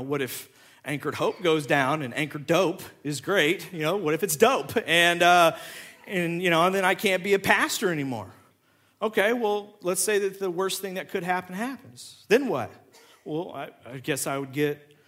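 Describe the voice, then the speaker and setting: A man who is a pastor, preaching a sermon and acting out both sides of a conversation in an animated storytelling way. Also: on the high side.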